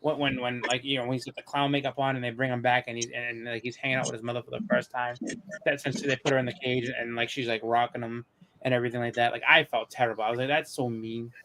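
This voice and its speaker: A man in his thirties at mid pitch, hosting a live stream in loose casual chat. He rambles, stumbles over his words and restarts often while telling stories. His pitch sits right in the middle for a man. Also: level tone, fast, pushed and bright, slight background noise. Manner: rambling, many restarts and fillers. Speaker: host of a live comics show.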